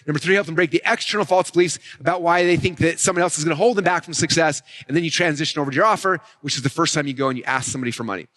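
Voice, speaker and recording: A man delivering a stage talk on marketing at a rapid clip. His voice sits a bit high and he talks with high energy, punctuating points with "right?" and "okay?". It sounds like a live presentation with running commentary. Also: fairly bright tone. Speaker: marketing speaker.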